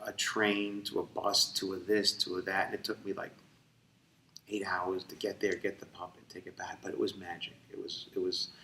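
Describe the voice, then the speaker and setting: Tired middle-aged New man, low voice. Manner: rambling, animated, many fillers and restarts. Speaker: ventriloquist interviewee. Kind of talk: casual storytelling interview. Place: convention room. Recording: echoey room, voice from far off.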